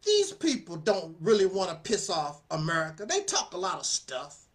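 A man giving casual spoken commentary as a channel host, animated and preachy, often laughing and repeating phrases. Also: sits high, moderate pace.

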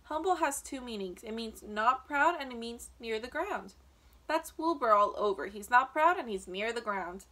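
Woman as a gentle, wise spider. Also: fairly high pitch, moderate pace. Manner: calm and soothing.

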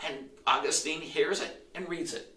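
Middle-aged male pastor, bright and forceful. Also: on the high side, moderate pace. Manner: animated storyteller who acts out quotes and restarts phrases. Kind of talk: sermon storytelling. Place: church sanctuary. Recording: roomy echo, voice from a distance.

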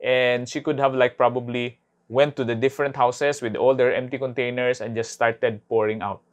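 A man's voice: medium pitch, level tone, normal speed. Preaching man. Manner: conversational preaching, tag questions "no?". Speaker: pastor. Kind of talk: online sermon. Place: home or church online service.

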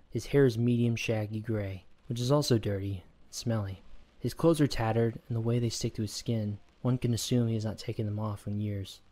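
A man narrating a first-person horror story in a steady, measured way. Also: lowish voice.

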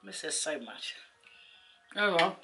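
A woman tells a story to her viewers in a loose, rambling way, laughing often as she goes. Her voice sits a little low, and soft music plays quietly behind her. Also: animated, slow, rough recording. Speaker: vlogger. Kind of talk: casual storytelling to camera.

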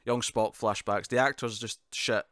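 A man's voice: on the low side, steady tone, normal speed, fairly bright tone, dry recording, studio quality. A man co-hosting a casual podcast review, talking with lots of laughs and repeated words. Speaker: podcast co-host.

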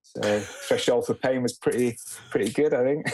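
A man's voice: mid-range voice, moderate pace, a little mellow, a little hiss or hum, poor audio. A man, a podcast guest talking easily and reflectively in short plain sentences. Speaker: guest, former footballer. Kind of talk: casual podcast chat.

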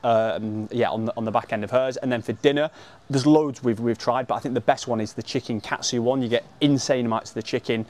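Slangy, upbeat man vlogging. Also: mid-range voice. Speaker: travel vlogger. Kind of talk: casual travel vlog. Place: outdoors by a beach.

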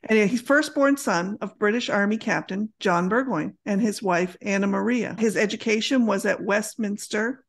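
A middle-aged woman in a medium voice talks as a podcast co-host. She is relaxed and meandering, often pausing with fillers as she thinks aloud. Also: medium pitch. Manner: relaxed, hesitant, many fillers. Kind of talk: casual chat.

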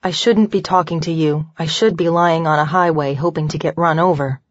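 A woman's voice: sits low, steady tone, fairly quick, no room sound, close to an everyday voice. A woman narrator voicing a weary, frank professional woman in an audiobook, with a blunt, wry delivery. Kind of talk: audiobook dialogue. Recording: dull lo-fi dry recording.

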